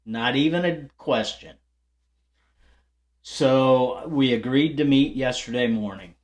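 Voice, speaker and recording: An older man at a middle pitch chats to his viewers like an old friend. His story wanders, with fillers and restarts, and he often breaks into light laughs as he goes. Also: slow pace. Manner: rambling, chatty, lots of fillers and restarts. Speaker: guitar channel host.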